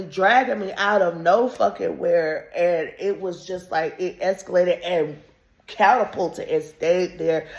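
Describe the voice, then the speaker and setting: A woman's voice: fairly low pitch, a little mellow. A woman telling a story in a casual, blunt and profane rant that rambles along. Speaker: vlogger.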